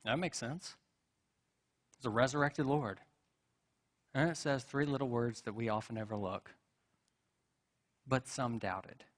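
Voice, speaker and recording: A man's voice: mid-range voice, moderate pace, pauses often. A man preaching a sermon in a church, telling stories in a conversational way with asides and rhetorical questions. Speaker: pastor. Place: church sanctuary.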